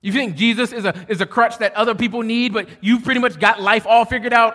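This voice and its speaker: A middle-aged man preaching a sermon, shifting between loud preaching and quiet storytelling. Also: high voice, moderate pace, few pauses. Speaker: pastor. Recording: long hall reverb.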